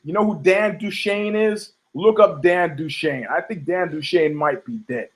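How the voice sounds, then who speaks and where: A man's voice: a little high, a little slow, rough recording. A man from New York, hosting a show, delivering a profane, heated, rambling rant full of restarts. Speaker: podcast host. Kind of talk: ranting monologue.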